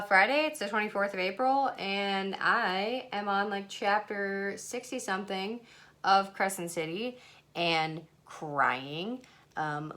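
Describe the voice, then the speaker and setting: A woman's voice: medium pitch, fairly bright tone. A woman in her twenties chatting casually in a reading vlog at home, swearing freely and now and then dropping to a whisper. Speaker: book vlogger. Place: at home, in bed and in a messy room.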